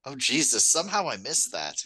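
Female podcast co-host, bright tone, dry close sound, wry quick reactions. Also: very deep voice, big pitch swings, husky, no room sound. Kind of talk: casual film-recap chat.

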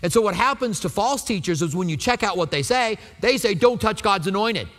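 A man in his fifties, a pastor, preaches a sermon in a conversational style, putting rhetorical questions to the congregation. His voice is high, animated, and fairly quick, with a fairly bright tone and a long reverb tail.

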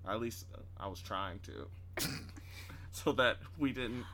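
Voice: mid-range voice, takes it slowly, fairly bright tone, a little hiss or hum. A podcast co-host in casual chat, rambling and hesitant, often breaking off and restarting sentences.

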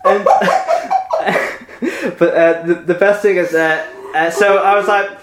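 A man's voice: sits high, very animated, slow, a bit bright. A man, a stand-up comedian, telling a rambling anecdote in casual chat with many fillers. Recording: roomy echo.

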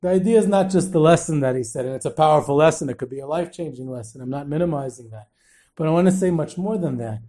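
A man hosting a history podcast, telling stories in a lively way and sprinkling in Yiddish and Hebrew terms. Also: sits high. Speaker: podcast host and tour guide.

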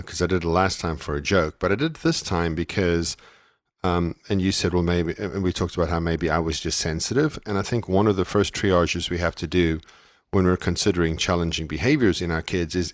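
A very deep-voiced man from South Africa co-hosts a casual parenting podcast. He muses aloud, circling back and restarting his sentences, poking fun at himself. The sound is close and dry. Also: no room sound. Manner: reflective, self-deprecating, many restarts. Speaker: podcast co-host.

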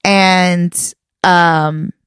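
A woman co-hosting a podcast in casual chat, animated and laughing often as she tells stories. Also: fairly low pitch, drawn-out words, clear, resonant tone, no echo. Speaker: podcast co-host.

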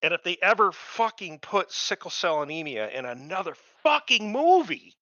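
A man's voice: a little high, animated, brisk, sharp tone, no room sound. A middle-aged man co-hosting a podcast, ranting in casual chat with heavy profanity and disbelief. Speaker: podcast co-host. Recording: dull lo-fi podcast mic.

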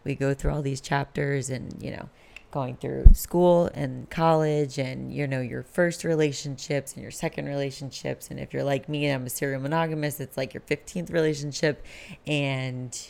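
Late-20s woman, solo podcast host, candid and rambling, some vocal fry. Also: very deep voice, steady tone, moderate pace, a little mellow, a little hiss or hum. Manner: candid and rambling, frequent swearing.

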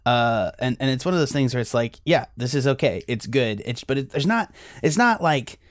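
A man's voice: medium pitch, expressive, normal speed, no room sound, clean studio sound. Rambling American man reviewing films. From United States. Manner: rambling, hesitant, many restarts and fillers. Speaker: podcast co-host. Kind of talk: casual film review chat.

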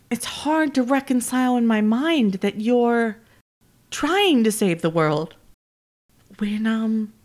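A woman voicing a flustered woman speaking to her ex-partner, halting and correcting herself with many pauses. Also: on the high side. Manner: halting, hesitant, many ums and self-corrections.

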